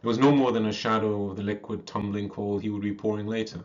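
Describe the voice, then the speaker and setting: Man reading a story, slow and measured. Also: lowish voice, level tone. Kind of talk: reading a classic story aloud. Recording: dull lo-fi recording.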